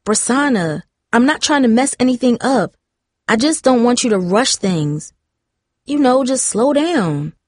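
A woman's voice: on the high side, lively intonation, a little slow, a little mellow, no room sound, studio quality, pitched above the performer's own voice. A woman reading the part of a cautious, caring teenage girl in a storybook, earnest and pleading.

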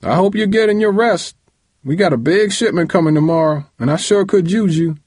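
A man's voice: sits high, brisk, darkish tone, breathy edge, no room sound, clean studio sound, voice pushed up. A man voicing a hearty middle-aged uncle who hollers praise up the stairs. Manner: hollering from downstairs. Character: booming cheerful uncle, store owner.

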